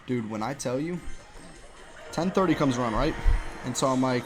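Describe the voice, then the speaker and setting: A young man ranting at home about his restaurant job while playing a game, animated, profane and full of slang. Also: mid-range voice, normal speed, pauses often, over music. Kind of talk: casual rant over gameplay.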